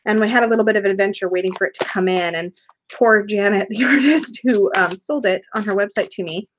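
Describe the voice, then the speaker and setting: A woman hosting a casual live stream from a small room at home, bubbly and excitable, laughing often. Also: medium pitch, quick pace, dull audio, a little hiss or hum. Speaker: tarot reader and channel host.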